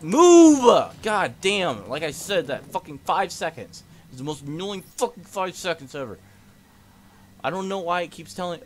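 A young man giving casual gameplay commentary, frustrated and swearing, now and then yelling at the game. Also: mid-range voice, slight background noise.

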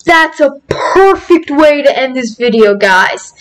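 Excitable high-voiced woman gaming host. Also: slow pace, poor audio. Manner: excitable, bursts into cheers and shouts. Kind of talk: let's-play commentary.

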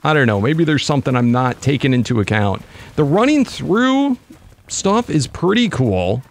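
A young man chatting casually to viewers while playing a video game, excitable and talkative. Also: medium pitch, normal speed, gravelly. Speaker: gaming YouTuber. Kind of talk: casual gameplay commentary.

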